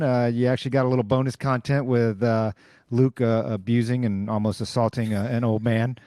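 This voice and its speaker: A man's voice: mid-range voice, little pitch movement, fairly quick, mellow, dry recording. A man hosting a casual podcast, making dry teasing jokes and signing off the show. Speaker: podcast host. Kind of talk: casual podcast chat and sign-off.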